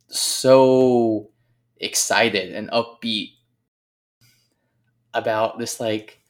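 A man telling a heartfelt personal story about a late teammate, earnest and reflective, often pausing and searching for words. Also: mid-range voice. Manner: earnest, reflective, halting with frequent pauses. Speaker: speaker remembering a late teammate.

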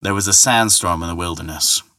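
A man telling a myth as scripted narration, in a measured storytelling manner. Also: deep voice, bright, forceful tone, dry recording, clean studio sound.

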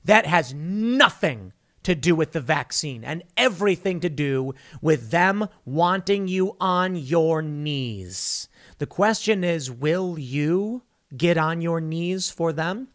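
A man's voice: fairly high pitch, animated, fairly bright tone. A man hosting a podcast, delivering a heated, opinionated monologue with a sarcastic, mocking tone. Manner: rushes through read-out news text. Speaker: podcast host.

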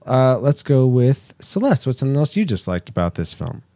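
A man's voice: mid-range voice, sing-song, fairly quick, dark tone, no echo. A man hosting a casual movie review podcast, easygoing as he steers the talk. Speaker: podcast host.

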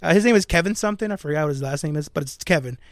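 A young man co-hosting a casual podcast tells a story at a very fast clip, speaking animatedly in a fairly high voice and throwing in jokes along the way. The recording is dry and close-miked.

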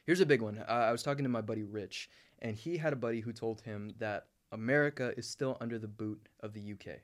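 A man's voice: medium pitch, quick pace. A man co-hosting a comedy podcast, rambling through stories in a laid-back, swearing way. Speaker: podcast co-host. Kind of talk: casual comedy podcast banter.

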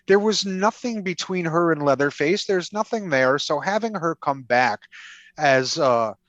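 A man on a podcast who gets heated and swears freely while tearing into a film. His voice sits a little high for a man. The sound is close and dry, with no room echo. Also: animated, a little slow, fairly bright tone, lo-fi sound. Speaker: podcast co-host. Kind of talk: casual chat.

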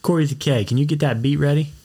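A man's voice: a little high, racing, dark tone, slightly rough. A man hosting a podcast in casual chat, telling stories in a rambling way and laughing often. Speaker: podcast host.

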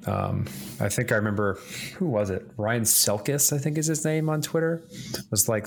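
A man's voice: mid-range voice, moderate pace. A man co-hosting a casual podcast, explaining things at length with some rambling. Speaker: podcast co-host. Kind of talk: casual roundtable chat.

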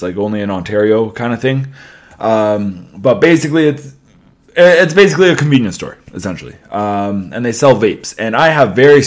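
A young man, hosting a podcast and telling a casual story, laughing often, swearing, and asking "right?" a lot. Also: mid-range voice. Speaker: podcast host.

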